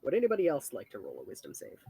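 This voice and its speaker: A young man with a husky voice narrating as game master, dry and teasing. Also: mid-range voice, huge pitch swings, racing, warm tone, slight background noise. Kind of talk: narrating a tabletop game over voice chat.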